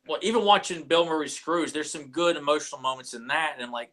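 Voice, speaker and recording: A man chatting on a podcast, his voice bright and forward and pitched a little high. He stumbles and repeats words as he goes, talking openly and sentimentally. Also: quick pace, hardly any pauses. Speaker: podcast co-host. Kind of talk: casual chat.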